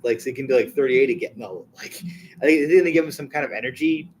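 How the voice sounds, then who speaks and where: A man hosting a casual podcast chat, asking rapid questions with many restarts. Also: medium pitch, a little hiss or hum, low-quality recording. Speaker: podcast host.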